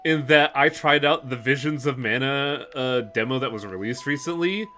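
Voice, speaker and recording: A man's voice: mid-range voice, normal speed, sharp tone, soft background music. A man streaming a game, chatting casually and swearing freely. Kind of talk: casual chat while playing a game.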